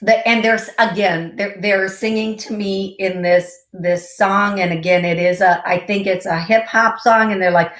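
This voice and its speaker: Woman psychic radio host, slow, giggly, gives firm repeated advice; roomy echo. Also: medium pitch, fairly even intonation. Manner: warm, giggly, direct advice with repeated warnings. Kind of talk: call-in psychic reading.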